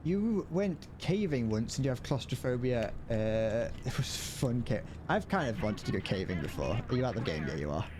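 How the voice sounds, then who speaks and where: A young man with a British accent talks loosely to his live-stream chat while he plays, stumbling through restarts and dropping the odd swear word. His voice sits at an ordinary middle pitch. A clear layer of steady noise runs under the recording. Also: normal speed, hardly any pauses. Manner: rambling and self-deprecating, swears, stammers on restarts. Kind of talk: casual chat while gaming, reading chat.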